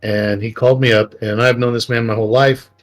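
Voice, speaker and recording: Middle-aged male co-host, rambling emotional storyteller, mid pitch, light music bed. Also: level tone, a little fast. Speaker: podcast co-host. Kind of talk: casual storytelling chat.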